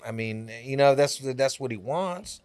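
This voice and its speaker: A man's voice: medium pitch, lively intonation, unhurried, a little mellow, no room sound. A man with a Texas Southern accent, a rapper chatting as a podcast guest, laid-back and full of "you know" fillers. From California. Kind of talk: casual podcast chat.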